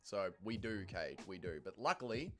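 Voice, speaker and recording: A man's voice: deep voice, moderate pace. A man from Melbourne with an Australian accent, hosting a casual livestream and joking through viewer comments. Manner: joking, crude, lively banter with chat. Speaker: livestream host.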